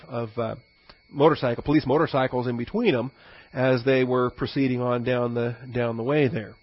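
A man's voice: mid-range voice, no room sound, muffled recording. A man, a pastor, giving a conversational teaching sermon with frequent fillers and asides.

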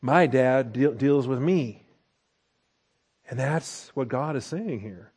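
A middle-aged man giving a verse-by-verse Bible lesson in a relaxed, conversational way. He explains word meanings, then checks in with his listeners with a quick "okay?". His voice sits at an ordinary pitch for a man. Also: slightly rough. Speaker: Bible teacher.

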